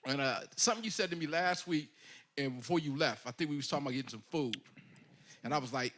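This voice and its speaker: A man's voice: on the high side, lively intonation, rapid-fire, a bit bright. A middle-aged man hosting a podcast in casual, profane banter, laughing often. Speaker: podcast host.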